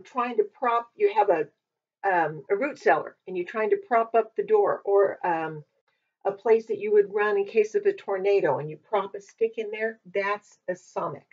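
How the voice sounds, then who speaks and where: A woman with a breathy voice leads an informal Hebrew lesson, thinking aloud and correcting herself as she goes. She sits back from the microphone, and the recording sounds dull and lo-fi. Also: medium pitch, a little mellow. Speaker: Hebrew teacher. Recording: dull lo-fi mic from a distance.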